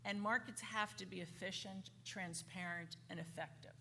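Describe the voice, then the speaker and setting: A woman speaking on a conference panel, halting and often restarting her sentences. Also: mid-range voice, steady tone, creaky, pushed and bright. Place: conference hall. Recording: conference hall reverb, faint noise.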